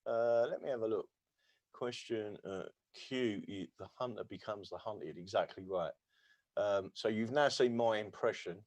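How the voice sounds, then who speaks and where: A man's voice: medium pitch, no echo. An English man hosting a livestream, chatting casually in a rambling, jokey way with lots of stammers and fillers. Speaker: livestream host.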